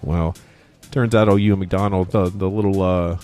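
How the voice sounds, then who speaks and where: A man's voice: deep voice, steady tone, normal speed, warm tone, faint music behind. A man co-hosting a podcast, joking around while telling a story in casual chat. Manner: joking, wisecracking. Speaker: podcast co-host.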